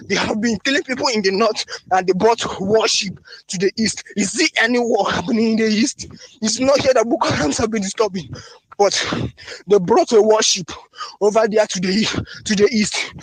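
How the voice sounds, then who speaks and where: Very high-voiced, husky man pleading. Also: no echo. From northern Nigeria. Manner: fervent, pleading, hammering repetition. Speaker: voice-note caller. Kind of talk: impassioned voice-note appeal. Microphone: phone voice recording.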